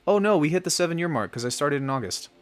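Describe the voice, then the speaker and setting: A man's voice: on the high side, expressive, fast. A young man chatting casually on his livestream, giving friendly feedback on music with lots of fillers. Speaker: music producer streaming feedback.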